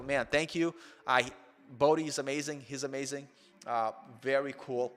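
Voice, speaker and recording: A man's voice: mid-range voice, fairly even intonation, measured pace, a bit bright, long reverb tail, soft background music. A man in his forties hosting a coding channel in an earnest, rambling live-stream chat, peppered with "man". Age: 40s.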